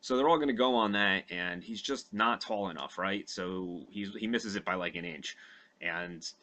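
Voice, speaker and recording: A young man hosting a podcast retells a movie plot from memory, casual, rambling, and profane with lots of fillers. His voice sits low, with a sharp tone and a normal speed.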